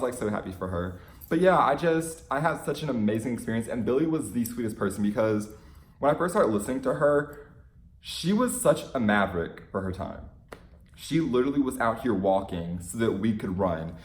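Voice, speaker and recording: Gushing young man, echoey room. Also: medium pitch. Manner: excitable, gushing fan chatter with frequent "like"s. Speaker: vlogger. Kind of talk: casual storytelling vlog.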